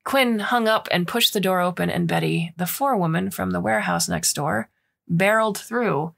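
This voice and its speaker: Woman narrator, story reading, low voice, gravelly texture, expressive. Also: moderate pace. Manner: expressive, acts out dialogue.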